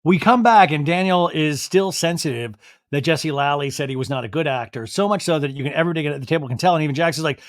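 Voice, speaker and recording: A man hosting a podcast who recaps a reality show in a chatty, animated way and often mimics the people he quotes. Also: a little high, quick pace, no room sound, clean studio sound. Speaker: podcast host.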